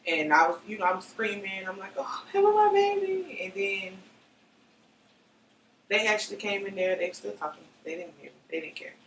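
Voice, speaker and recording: A young woman, speaking as an interviewee, gives an emotional personal testimony and often acts out what others told her. Her mid-range voice is quick, gravelly and sharp with few pauses, caught on a roomy, slightly distant mic with faint noise.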